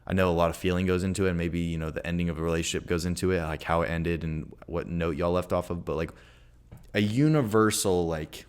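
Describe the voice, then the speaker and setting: A man's voice: low-pitched, steady tone, fast, clear, resonant tone. A young man co-hosting a podcast, chatting casually with slangy phrasing. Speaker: podcast co-host. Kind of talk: casual chat.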